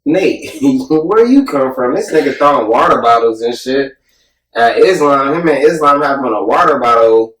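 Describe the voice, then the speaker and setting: A man's voice: mid-range voice, moderate pace. Man hosting a loose, profane podcast. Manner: animated, joking, mimics people loudly. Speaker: podcast host. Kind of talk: casual profane chat. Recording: roomy sound, mic at a distance.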